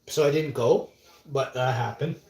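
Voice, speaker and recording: A man rambles through loose anecdotes on a stream, cursing casually and losing his thread. His voice sits at an ordinary middle pitch. The room gives it a noticeable echo. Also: steady tone, normal speed, darkish tone. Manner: meandering, profane, trails off mid-sentence. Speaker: livestreamer. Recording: roomy echo.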